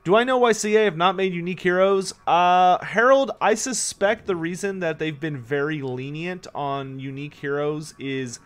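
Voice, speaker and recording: He has a fairly high voice at an ordinary pace with few pauses. Playing a strategy game on a live stream, he talks easily with viewers and answers their questions, though he's yawning and tired and swears when annoyed.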